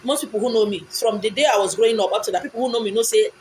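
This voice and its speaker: A Nigerian woman tells a story on a live stream in a dramatic, repetitive way and turns blunt when scolding. Her voice sits fairly high. A faint noise runs underneath. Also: very fast, a little mellow, low-quality recording.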